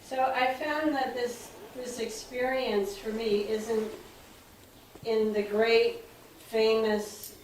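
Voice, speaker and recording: Woman sharing something personal at a seminar, soft and hesitant, flat low voice, far off mic in a super echoey room. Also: slow, slight background noise. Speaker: seminar participant.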